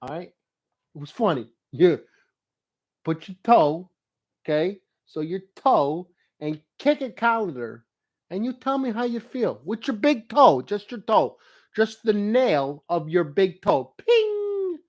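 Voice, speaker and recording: A man's voice: sits high, a little slow. A middle-aged man talking in a casual vlog monologue, telling funny stories, swearing freely and reading notes aloud. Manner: animated storyteller who swears and laughs freely. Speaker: motivational vlogger.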